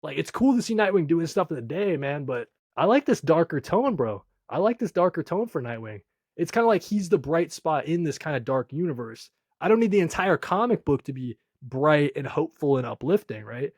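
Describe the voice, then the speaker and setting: Young dude hyped about comics, kinda high voice, dry close mic, swings from chill to shouting. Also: male voice, fairly quick, no echo. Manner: excitable, says "dude" and "bro" a lot, jumps between calm and shouting. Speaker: comic book reviewer and livestream host. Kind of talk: casual livestream chat reading viewer comments.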